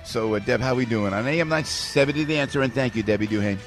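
A man's voice: mid-range voice, quick pace, faint music behind. A man hosting a talk radio show, ranting in a fired-up, emphatic way.

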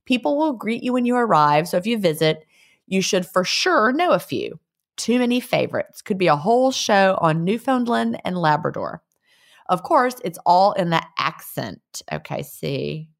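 A woman's voice: lowish voice, gravelly. A middle-aged woman co-hosting a podcast, chatting casually, laughing and trying out regional phrases from listener letters. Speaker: podcast co-host. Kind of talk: casual chat, reading listener mail. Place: lives in a beach resort town.

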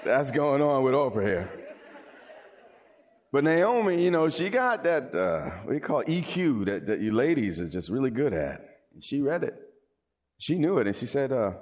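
Lively, animated male preacher. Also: medium pitch, moderate pace. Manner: animated, playful, acts out quotes and jokes with the congregation. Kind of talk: sermon.

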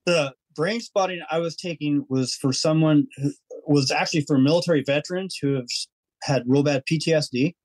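A man's voice: on the high side, moderate pace, dry recording, rough recording. A man telling his personal story as a podcast guest, earnest and rambling, acting out his own inner thoughts.

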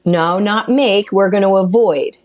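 A woman who is a mortgage broker, co-hosting a radio show in a studio and giving advice in a brisk, businesslike way. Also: mid-range voice, darkish tone. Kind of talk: informative radio talk. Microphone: studio microphone.

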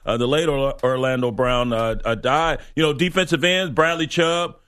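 A man's voice: medium pitch, fairly even intonation, moderate pace, a bit bright, clear, resonant tone. A man co-hosting a casual sports talk show, rambling through player picks with many stops and restarts.

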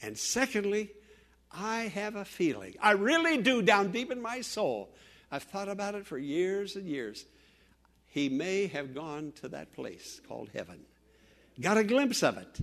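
A man from Western Pennsylvania preaches a radio sermon with a somewhat high-pitched voice. He tells personal stories earnestly, swinging from loud exhortation to hushed, quiet tones. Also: very animated, unhurried. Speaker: pastor.

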